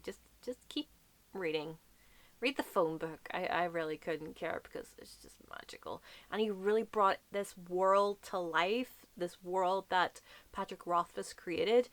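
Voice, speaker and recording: A woman's voice: medium pitch, a bit bright, no room sound. A woman reviewing the books she read this month in a casual, effusive chat, swearing now and then. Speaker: book reviewer. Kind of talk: casual monthly book wrap-up.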